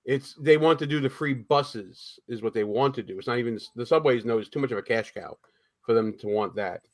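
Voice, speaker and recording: A man's voice: mid-range voice, brisk. A man hosting a political talk show, speaking emphatically with a sarcastic edge. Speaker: host.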